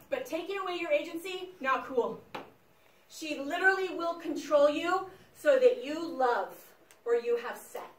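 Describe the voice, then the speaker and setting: A woman teacher lecturing her class in an animated, chatty way, speaking straight to the students. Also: high voice, moderate pace. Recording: echoey classroom, mic far off.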